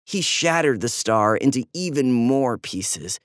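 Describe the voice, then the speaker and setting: A storyteller reading a children's story aloud with animated, lively delivery. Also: mid-range voice, measured pace, noisy background.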